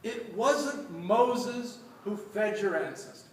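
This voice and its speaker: A man's voice: sits high, lively intonation, takes it slowly, a little hiss or hum. A man serving as a deacon, giving a conversational sermon and telling stories to his congregation. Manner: storytelling, conversational homily. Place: church. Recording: echoey church from far off.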